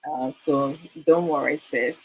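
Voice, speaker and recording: A woman's voice: a bass voice, fairly even intonation, darkish tone, a little hiss or hum, rough recording. A woman hosting a live stream, talking earnestly with many fillers and stopping to thank viewers for their comments. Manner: frequent fillers, slow and earnest. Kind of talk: casual live stream talk.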